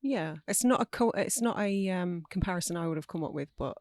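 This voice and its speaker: A woman's voice: fairly low pitch, lively intonation, fairly quick, a little mellow, dry recording, studio quality. A woman from Northern England hosting a film podcast, chatty and teasing in casual talk. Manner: chatty, teasing, laughs easily. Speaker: podcast host. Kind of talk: casual film-discussion chat.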